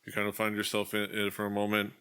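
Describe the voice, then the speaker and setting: A man's voice: fairly low pitch, completely flat delivery, racing, pushed and bright, clean tone. Rambling man running a tabletop game. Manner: rambling, many fillers, laughs often. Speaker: game master. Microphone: online call mic. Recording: dull lo-fi stream audio.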